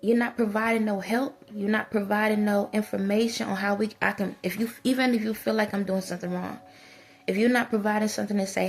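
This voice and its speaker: A woman's voice: mid-range voice, fairly even intonation, a little fast. A woman giving a preachy monologue to her viewers as a spiritual advisor, scolding them with emphatic repetition.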